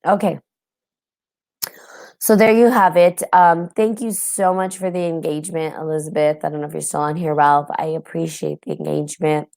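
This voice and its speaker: A woman with a low, gravelly, darkish voice speaks at a moderate pace in a steady tone, recorded in studio quality with no echo. She hosts a casual spiritual podcast before a live audience, chatty and tired, yawning, with many ums and frequent laughs.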